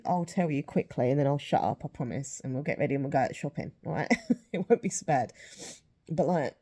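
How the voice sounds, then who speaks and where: Woman vlogger, low mellow voice, emotional and close to tears, rambling and apologetic. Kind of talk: casual chat to camera.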